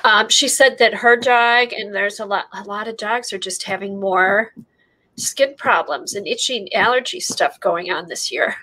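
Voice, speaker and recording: Bright, chatty woman. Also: mid-range voice, normal speed, low-quality recording. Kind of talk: casual chat. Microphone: camera mic.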